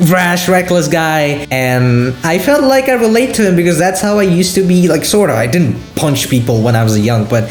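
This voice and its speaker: A man interviewing his voice cast, hyper and excitable, often stumbling over his words. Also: a little high, normal speed, few pauses, echoey room, faint music behind. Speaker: interviewer and show creator. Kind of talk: casual interview.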